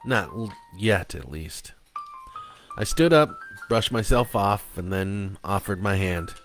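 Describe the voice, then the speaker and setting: A man reading his own dark prose and poetry aloud in a blunt, confessional manner. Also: fairly low pitch, animated, slow, faint music behind.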